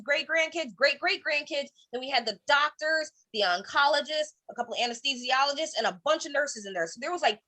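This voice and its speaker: Brash, high, bright-voiced woman comic. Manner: brash, profane storytelling with deadpan asides. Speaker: stand-up comedian. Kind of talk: stand-up set. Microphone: video call.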